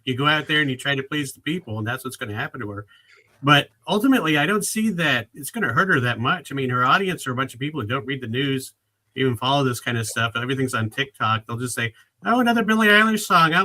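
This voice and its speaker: A man's voice: medium pitch, pushed and bright, rough recording. A man appearing as a podcast guest who speaks bluntly and emphatically in casual chat.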